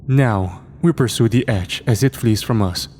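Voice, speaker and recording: A man's voice: mid-range voice, a little slow, a little mellow, a little hiss or hum, close to an everyday voice. A man voicing an arrogant, obsessive male scientist who lectures with confidence. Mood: lecturing.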